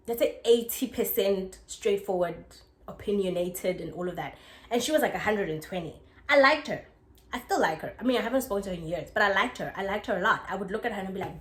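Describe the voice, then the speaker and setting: A young South African woman telling a casual story, chatty and expressive, full of "like" fillers. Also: medium pitch. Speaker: YouTuber. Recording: echoey room.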